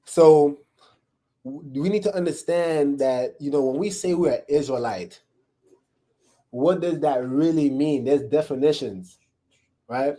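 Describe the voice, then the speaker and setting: A man's voice: a little high, unhurried, long pauses, warm tone. A man teaching from the Bible to a small group in a room, talking casually and checking in with them often. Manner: casual, checks in with listeners, keeps asking "right?". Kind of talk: conversational sermon to a live group.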